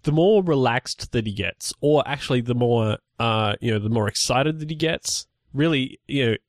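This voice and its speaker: Man, podcast co-host, casual movie chat, halting restarts, dry close sound. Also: mid-range voice, dry recording. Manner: rambling, halting with many restarts and fillers.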